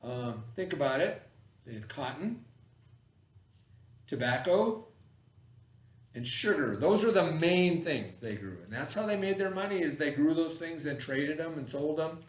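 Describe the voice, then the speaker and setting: A male teacher talks a class of children through a lesson, patiently checking that they follow. His voice sits a little high. It comes from across the classroom, with echo from the room. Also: expressive, measured pace, pauses often. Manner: patient, checks in with "okay?" and "right?". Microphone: camera across the room. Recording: echoey classroom, from far off.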